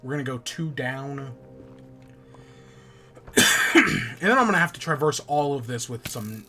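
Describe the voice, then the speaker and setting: This man hosts a podcast where he games and chats, frustrated and swearing as he grumbles along. His mid-range voice is bright and forceful with lively intonation, a touch slow, and faint music plays behind.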